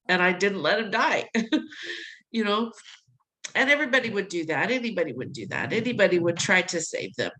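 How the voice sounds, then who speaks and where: Middle-aged woman, interview guest, emotional storytelling, animated, laughs between lines. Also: on the low side, rough recording.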